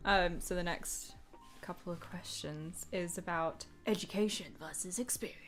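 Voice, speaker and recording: Young woman, lowish voice, chatty podcast cohost, giggles a lot, faint music behind. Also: normal speed, fairly bright tone. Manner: friendly, giggly, explanatory. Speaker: co-host. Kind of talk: casual podcast chat.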